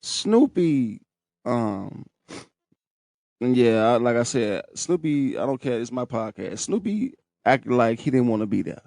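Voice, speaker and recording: A man's voice: mid-range voice, sing-song, measured pace, creaky, a little mellow, no room sound, studio quality. A young man hosting a podcast, telling a personal story in a candid, profane, emotional way. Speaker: podcast host.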